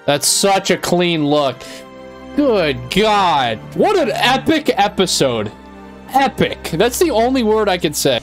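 A young man hosting a reaction video with a high, wildly swinging voice. He gushes and swears excitedly, with faint show music under him. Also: slow. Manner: excitable, emotional, swears often. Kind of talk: reaction commentary.

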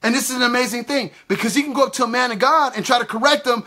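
A man's voice: very high-pitched, very fast, sharp tone. A man giving an impassioned sermon, emphatic and repetitive, acting out the other side of quoted exchanges. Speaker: preacher.

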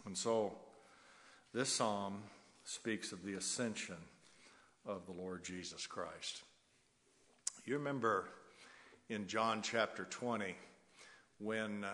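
A man preaches from the pulpit in a fairly low voice, building his points in rhythmic, emphatic repetitions and breaking into soft chuckles. The sanctuary adds a long reverb that hangs after each phrase. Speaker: pastor. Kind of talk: sermon. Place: church sanctuary.

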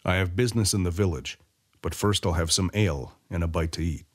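A man's voice: low voice, brisk, no echo. A man voicing a cold, weary male swordsman who speaks in a dry, terse way.

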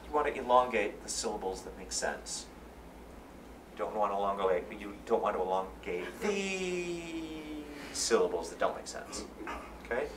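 A man giving a live lecture at a conference, energetic and repeating phrases for emphasis. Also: lowish voice, moderate pace. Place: conference hall. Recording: roomy, from far off, faint room noise.

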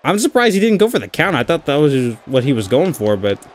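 A young man giving excitable live commentary over a wrestling video game, cheering and groaning at every move. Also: a little high, a little fast, soft background music. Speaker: gaming channel host.

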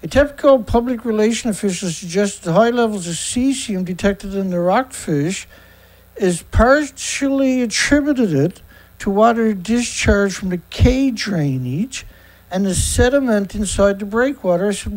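Reading news excerpts aloud and commenting on each, a show host sounds indignant and sarcastic. The middle-pitched, darkish voice is animated but measured, with frequent stumbles, repeated words and restarts, all in a rough recording.

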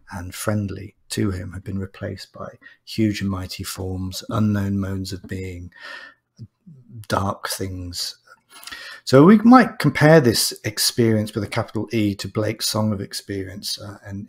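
Gravelly, husky man teaching poetry. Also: on the low side. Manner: chatty and explanatory, with restarts and fillers. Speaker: English teacher. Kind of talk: online lesson on poetry.

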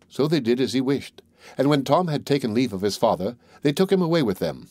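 A man narrating a fairy tale audiobook in a measured, even storytelling manner. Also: mid-range voice, no echo.

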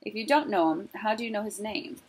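A woman doing a gruff bossy young guard rat. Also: medium pitch, brisk, lightly acted, rough recording. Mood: stern. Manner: loud, blunt and rude.

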